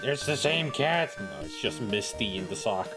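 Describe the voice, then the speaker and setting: A man's voice: medium pitch, moderate pace, over music. A man giving casual gameplay commentary as a streamer, rambling and riffing, with some swearing. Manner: rambling, animated, swears and riffs. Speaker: gaming streamer.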